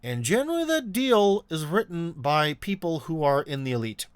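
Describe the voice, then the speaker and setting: A man's voice: a little high, very animated, normal speed, clear, resonant tone, no echo. A man hosting a live call-in stream, talking casually. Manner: rambling, many fillers, laughs mid-sentence. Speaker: show host taking callers.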